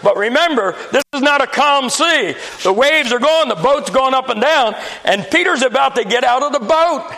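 High bright gravelly male preacher. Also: animated, moderate pace, hardly any pauses. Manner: folksy storytelling with humor. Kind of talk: sermon. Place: church.

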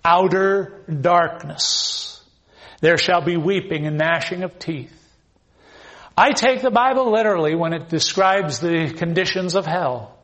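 A man's voice: on the high side, lively intonation, moderate pace, a bit bright. A man preaching a sermon, reading scripture aloud and explaining it with emphatic, dramatized delivery. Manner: emphatic, acts out scripture scenes. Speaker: pastor.

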